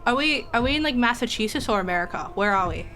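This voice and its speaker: A woman's voice: a little high, expressive, fast talker, bright, forceful tone, a little hiss or hum. Giggly woman streamer chatting to her chat. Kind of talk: casual gaming commentary.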